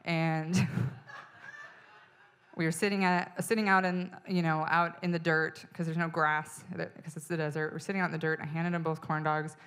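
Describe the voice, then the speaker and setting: Woman comic doing stand-up, bright sharp voice, kinda low pitched, swears a lot and gets fed up. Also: level tone, normal speed, clear, resonant tone. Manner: profane, exasperated, bursts into loud yelling. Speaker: stand-up comedian. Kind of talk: stand-up storytelling.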